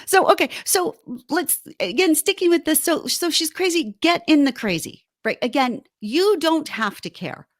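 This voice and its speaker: A high-pitched woman co-hosting a relationship podcast, her voice swooping up and down as she talks. She sounds animated and casual. The recording is close and dry. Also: normal speed, hardly any pauses, no echo. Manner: animated, acts out heated quotes. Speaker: podcast co-host. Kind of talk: casual relationship advice chat.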